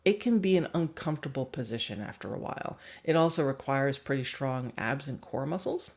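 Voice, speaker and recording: Low-voiced woman teaching dog training. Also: expressive, fairly quick, darkish tone. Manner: explanatory, asks the audience questions, laughs often. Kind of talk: livestream dog training lesson.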